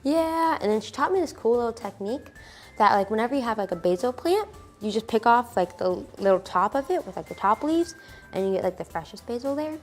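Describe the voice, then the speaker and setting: A woman hosts a relaxed cooking demonstration, talking in a chatty way and scattering "like" through her sentences. Her voice sits on the high side and swings up and down with lively inflection. Soft music plays faintly underneath. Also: quick pace. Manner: chatty, fills with "like". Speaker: cooking show host.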